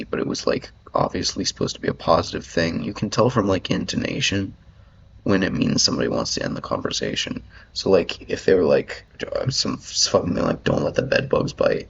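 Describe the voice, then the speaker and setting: A man's voice: deep voice, gravelly, a bit bright, slight background noise. A man ranting in rambling commentary as he reads an article aloud, swearing often and filling his talk with "like". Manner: rambling, profane, lots of "like" fillers. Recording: dull lo-fi audio.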